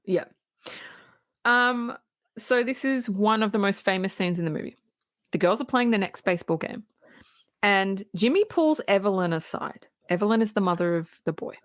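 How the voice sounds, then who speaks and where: A woman co-hosting a casual movie review podcast who retells scenes with animated laughter. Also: mid-range voice, moderate pace, dry recording, studio quality. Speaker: podcast co-host.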